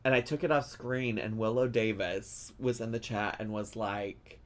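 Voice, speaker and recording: A man's voice: mid-range voice, normal speed, hardly any pauses. A man hosting a casual reaction video, chatty and emotional, swearing freely. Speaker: YouTube host reacting to a video.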